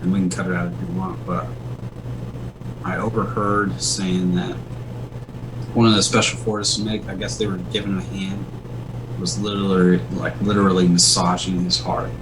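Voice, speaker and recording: A man's voice: sits low, flat delivery, normal speed, noisy background. Profane, rambling male army veteran. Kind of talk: casual war storytelling.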